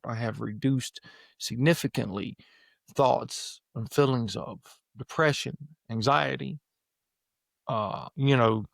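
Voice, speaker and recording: Earnest man with a gravelly voice. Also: mid-range voice, dry recording, clean studio sound. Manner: earnest, repeats phrases while searching for words. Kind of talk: reflective conversational talk.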